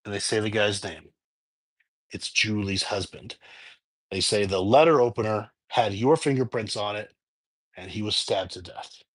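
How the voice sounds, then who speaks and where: A man's voice: lowish voice, normal speed. Man casually retelling a movie's plot. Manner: rambling plot retelling with restarts, unscripted. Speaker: movie reviewer. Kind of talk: casual spoken film review.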